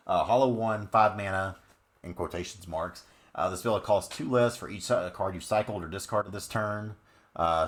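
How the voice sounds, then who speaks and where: Low-voiced dude casually breaking down card decks, upbeat and chatty. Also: male voice. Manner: chatty, upbeat, many fillers. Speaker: card game content creator. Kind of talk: casual deck commentary.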